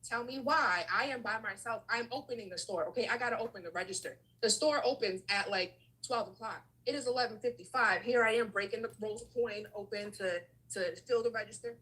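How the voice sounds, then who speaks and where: A woman on a video call telling a story in a casual, animated way, acting out the lines of people in it. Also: fairly high pitch, a little fast, hardly any pauses, slightly rough, rough recording. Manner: animated, acts out dialogue in her stories.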